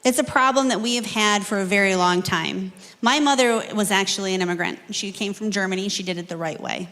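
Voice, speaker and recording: A middle-aged woman speaks at a medium pitch, mixing friendly apologetic asides with firm declarations as a candidate. Her voice carries a long reverb from the big hall she is in. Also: a little fast, a bit bright. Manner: chatty, apologetic asides, then firm statements. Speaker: political candidate. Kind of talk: candidate forum answer.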